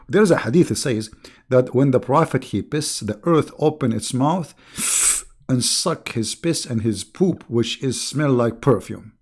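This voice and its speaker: A man's voice: medium pitch, animated, a little slow. Sarcastic man hosting a livestream. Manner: sarcastic, mocking, clears throat often. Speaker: livestream host. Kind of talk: commentary monologue.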